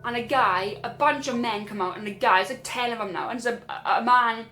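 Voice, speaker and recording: A woman's voice: a little high, fairly quick, faint music behind. Chatty woman telling a story. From Wales. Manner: animated, acts out other people's lines in put-on voices. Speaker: storyteller vlogger. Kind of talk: casual storytelling.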